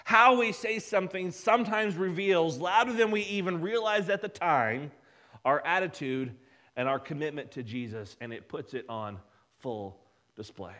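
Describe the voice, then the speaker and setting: A man preaching a sermon, emphatic, often dropping his voice low and quiet for weight. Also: normal speed. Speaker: pastor.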